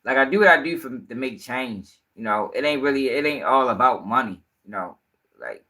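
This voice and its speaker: Young male streamer, bright forceful tone, profane and rambling. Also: mid-range voice, lively intonation, normal speed. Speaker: commentary livestream host. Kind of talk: casual livestream commentary.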